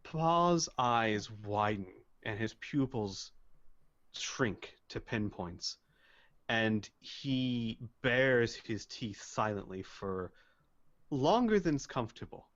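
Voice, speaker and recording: A man narrating a tabletop role-playing game as game master, speaking in a slow, measured way and voicing characters. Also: lowish voice, lively intonation, fairly bright tone. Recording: muffled lo-fi voice chat.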